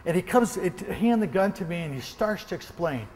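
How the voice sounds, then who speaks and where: A motivational speaker from the American Northwest, a man, telling a lively story during a keynote and acting out gunshots. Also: high-pitched, moderate pace, in a large hall. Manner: animated, acts out gunshots and quoted voices. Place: large hall before an audience.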